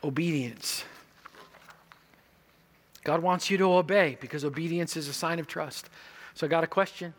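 A male pastor preaching a sermon, telling stories and moving between quiet moments and loud emphasis. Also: on the high side, moderate pace, long pauses.

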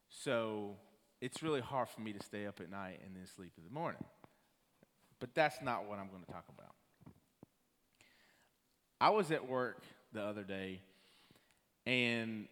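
A man's voice: on the low side, fairly bright tone. A man giving a sermon, telling a personal story and acting out the voices of the people in it. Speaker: preacher. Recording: reverberant hall.

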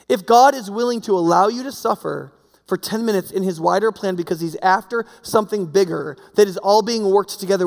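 A man's voice: high voice, big-room sound. A man preaching a sermon in a conversational way, full of fillers and rhetorical questions. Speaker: pastor.

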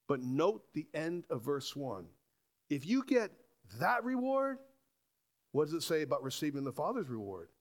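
A man preaching a sermon to a congregation, animated and asking rhetorical questions. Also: high voice, a little slow, long pauses. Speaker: pastor.

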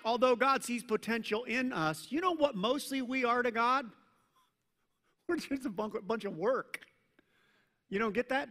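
Bright-voiced pastor preaching in a reverberant church. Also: male voice, high-pitched. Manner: conversational, joking with the congregation; swings between loud emphasis and hushed intensity. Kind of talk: sermon. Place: church service with a congregation.

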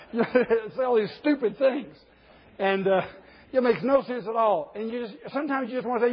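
A male preacher delivering a sermon, animated and jumping up high in pitch when he quotes complaints. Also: a little fast, slight background noise. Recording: dull echoey hall.

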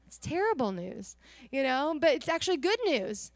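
A young woman shares a mission testimony with a church audience, earnest and animated, acting out the conversations as she goes. Her voice sits a little high. It is recorded close and dry. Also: normal speed, no echo. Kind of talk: emotional personal testimony to a congregation.

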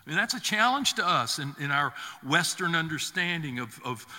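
A man preaching a sermon, halting and restarting often as he builds each point. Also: on the high side, very animated, bright, forceful tone. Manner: halting, with many restarts and fillers. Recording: reverberant church hall.

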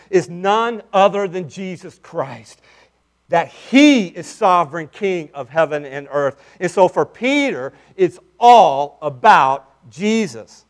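A man preaching a sermon, swinging between hushed asides and forceful, emphatic declarations. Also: sits high. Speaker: pastor.

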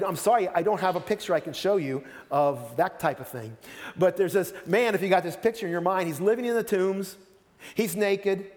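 A man's voice: high voice, in a large hall. A man preaching a sermon as pastor, earnest, often repeating words as he starts a sentence.

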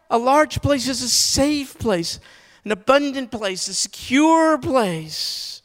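A man preaching a sermon, stressing points by repeating words and swinging between loud urgency and quiet intensity. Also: extremely high pitch, expressive, takes it slowly, big-room sound. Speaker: pastor.

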